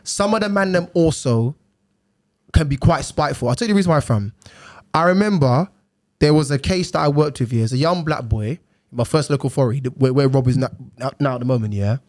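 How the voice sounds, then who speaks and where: A man, a social worker telling stories in casual podcast chat, lively and full of slang. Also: mid-range voice, brisk. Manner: lively storytelling, heavy slang.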